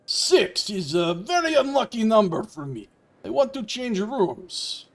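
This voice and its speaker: A blunt male motel guest in a video game, pressing for what he wants, read aloud by a man in a near-everyday voice. He talks insistently, his pitch sitting a little high. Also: normal speed, natural voice. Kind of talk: reading game dialogue aloud.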